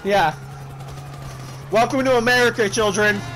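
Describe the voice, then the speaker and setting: A young man casually commentating a multiplayer game with friends, loud and excitable, swearing often and breaking into shrieking laughs. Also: sits high, a little slow, soft background music. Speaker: gaming streamer.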